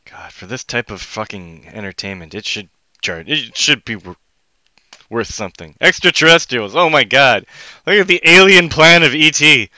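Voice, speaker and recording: A man rambling on a solo live stream at home, jumping between loud outbursts and low muttering. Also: lively intonation, normal speed, no room sound.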